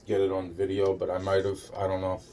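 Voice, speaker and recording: A fairly low-voiced man rambles in an agitated monologue, looping back over the same words and swearing constantly. He sits some way back from the microphone, and a faint hiss of background noise runs under his voice. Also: completely flat delivery, fast, dark tone, distant mic. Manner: agitated, repetitive, heavy swearing, trailing restarts. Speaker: vlogger.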